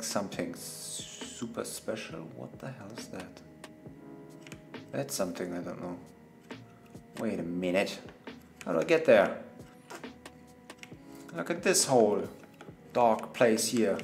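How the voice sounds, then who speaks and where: A man gives live gameplay commentary in a loose, joking way, chuckling and chatting to the creatures on screen. His voice is lively and bouncy in pitch, and he takes his time with his words. Soft music plays faintly behind him. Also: slow, gravelly, long pauses. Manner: playful, chatty, laughs often, talks to game animals. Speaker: gaming streamer.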